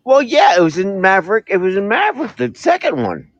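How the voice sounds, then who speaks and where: A man's voice: high voice, huge pitch swings, fairly quick, no echo. A laid-back man bantering in a comedy show, saying "dude" constantly and arguing playfully. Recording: dull dry lo-fi sound.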